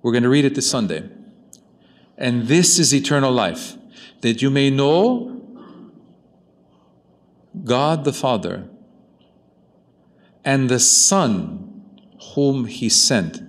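A man preaching a sermon as a priest, talking to his congregation in an animated way, moving from quiet, intimate asides to loud, emphatic peaks. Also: medium pitch, takes it slowly, long pauses, breathy edge, in a large hall. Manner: animated, swings from soft to loud.

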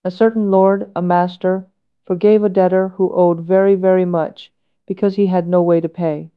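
Female sermon reader; steady, measured, low smooth voice; muffled recording. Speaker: reader of a homily. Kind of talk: read sermon. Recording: dull lo-fi recording.

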